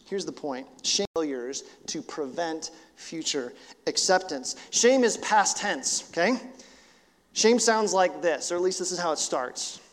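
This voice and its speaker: High-voiced pastor preaching in a reverberant sanctuary. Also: male voice, animated, unhurried. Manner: conversational preaching with acted-out quotes. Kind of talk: sermon. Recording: long church reverb.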